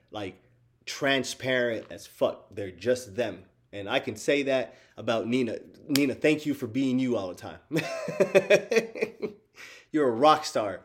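Man chatting loosely to his viewers. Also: lowish voice. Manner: animated, profane, laughs often, addresses listeners as y'all. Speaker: streamer talking to chat. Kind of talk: casual chat.

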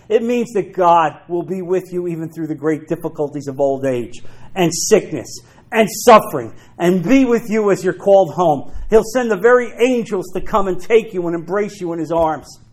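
A man preaching a sermon, emphatic, repeating his key phrases for weight. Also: sits high.

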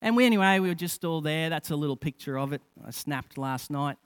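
A man delivers a sermon with a smooth, resonant voice sitting a little higher than most men's. He swells to fervent emphasis, then drops into hushed, drawn-out phrases. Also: expressive. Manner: impassioned preaching with rising emphasis and soft, drawn-out scripture quotes. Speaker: pastor.

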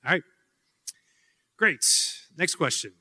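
A man's voice: a little high, animated, takes it slowly, sharp tone, breathy edge. A man giving a casual Q&A talk to students, rambling with many fillers and joking asides. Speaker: speaker answering student questions. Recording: hall with long reverb.

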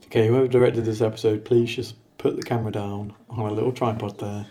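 A man's voice: lowish voice, flat delivery, fast, warm tone. A man co-hosting a casual podcast, making dry jokes while watching a show. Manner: dry, joking commentary. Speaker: podcast co-host.

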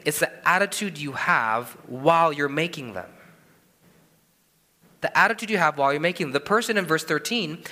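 A man's voice: fairly high pitch, pushed and bright. Earnest male pastor preaching in a hall. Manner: earnest, asks rhetorical questions and repeats key phrases. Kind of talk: sermon. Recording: preached in a hall with long reverb.

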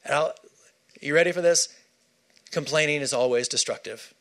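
Male preacher, sermon, emphatic repetition, fairly high pitch. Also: normal speed, fairly bright tone. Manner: emphatic, repeats key phrases for stress.

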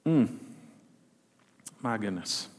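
A man's voice: fairly low pitch, lively intonation, very slow. A middle-aged man with a Southern US accent, preaching a sermon with folksy stories and call-and-response to his congregation. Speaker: pastor. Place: church sanctuary. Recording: long reverb of a church hall.

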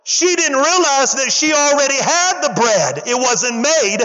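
A male pastor preaching an animated sermon, acting out the story's characters in casual slang and calling on the congregation to respond. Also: very high voice, unhurried, long reverb tail, dull audio. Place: church.

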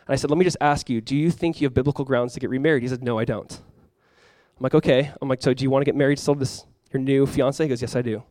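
A man's voice: mid-range voice, steady tone, fast talker, darkish tone, no room sound, low-quality recording. A male pastor preaching a sermon, telling a story conversationally and now and then rising into sudden emphasis.

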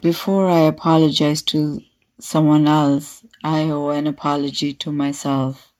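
A woman reading her own written apology to herself as one long, steady list. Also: low voice, a little slow. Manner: steady, repetitive listing.

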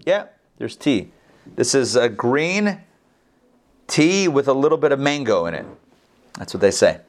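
A man giving an informal Torah class, animated, repeating phrases and answering his own questions. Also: medium pitch, a little slow. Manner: coughs, gets excited.

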